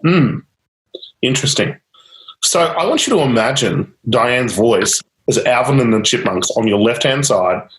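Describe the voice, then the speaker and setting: A man's voice: mid-range voice, lively intonation, a little slow, a bit bright, reverberant, rough recording. A man leading a live coaching demonstration, guiding a client with repeated prompts and light laughter. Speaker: change-technique coach.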